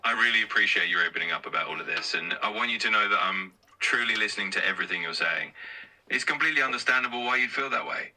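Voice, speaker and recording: A male AI chatbot voice giving calm, steady, affirming replies, heard from a distant phone speaker. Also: fairly low pitch, fast, a little hiss or hum. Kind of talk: reassuring replies.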